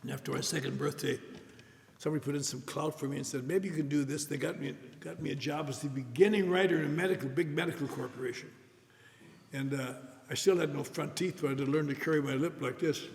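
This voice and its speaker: A man's voice: on the high side, fairly even intonation, quick pace, gravelly. Older man telling wry recovery stories. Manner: wry, storytelling, self-mocking humor. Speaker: speaker sharing his recovery story. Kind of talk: recovery meeting talk. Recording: echoey hall recording with faint noise. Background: audience laughter.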